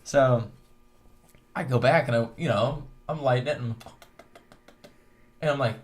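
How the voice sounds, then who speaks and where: A man's voice: medium pitch, lively intonation, brisk, long pauses. A man co-hosting a casual podcast with friends, telling a rambling, profane story and laughing often. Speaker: podcast co-host.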